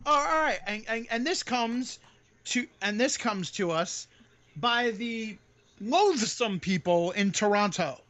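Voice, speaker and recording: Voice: medium pitch, expressive, slow, fairly bright tone. A podcast co-host in casual live-stream chat, ranting with exasperation and plenty of swearing. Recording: dull lo-fi audio.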